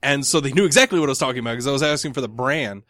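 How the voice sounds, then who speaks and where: A man's voice: mid-range voice, rapid-fire, a bit bright, dry recording, studio quality. A man hosting a podcast, chatting casually and telling a long rambling story with many restarts. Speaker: podcast host. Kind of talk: casual chat.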